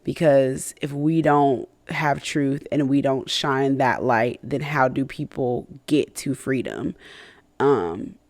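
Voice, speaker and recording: Speaking slowly in an extremely low, slightly mellow voice, this podcast host talks candidly and reflectively about faith. Her thoughts come with lots of fillers, restarts and self-conscious laughter. There's no room sound.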